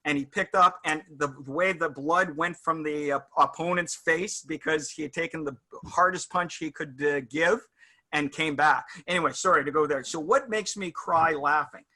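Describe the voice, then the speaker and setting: Bright-voiced man telling stories. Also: fairly high pitch. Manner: reflective, halting anecdotal storyteller. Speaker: guest. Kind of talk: casual interview chat.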